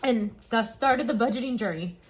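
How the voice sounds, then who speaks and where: Emotional woman vlogger, slightly high voice. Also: moderate pace, rough recording. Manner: emotional, tearful at times, addresses viewers as y'all. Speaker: budgeting channel host. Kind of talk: personal vlog storytelling.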